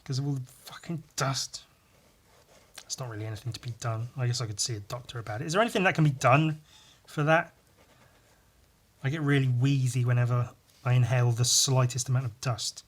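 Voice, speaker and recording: A young man with a wheezy, squeaky breath, rambling crudely and mocking himself as he draws. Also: fairly even intonation, a little fast, pauses often. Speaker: podcast host drawing. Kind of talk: rambling solo chat while drawing.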